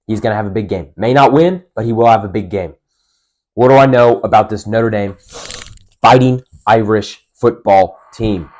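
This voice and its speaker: Host type, male, lower voice, emphatic solo sports talk with repeated punchlines. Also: darkish tone. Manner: emphatic, repeats key lines for effect. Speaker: podcast host. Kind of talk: solo sports preview commentary.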